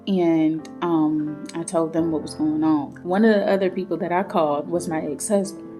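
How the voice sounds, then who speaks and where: A woman's voice: sits low, fairly even intonation, moderate pace. A woman, chatting through a personal story and acting out the people in it. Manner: chatty, retelling with quoted dialogue. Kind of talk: casual storytime vlog. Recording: faint guitar music behind. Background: soft guitar music.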